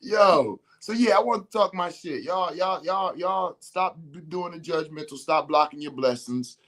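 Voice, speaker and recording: A man's voice: fairly high pitch, unhurried, fairly bright tone. Slangy man on a rant. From Detroit. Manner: emphatic, slangy, repeats himself. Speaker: podcast host. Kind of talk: casual spiritual rant.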